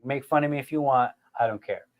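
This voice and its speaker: A middle-aged podcast host with a medium-pitched voice talks fast, telling a family story in an animated, self-mocking way. He speaks directly to his listeners in a casual storytelling chat.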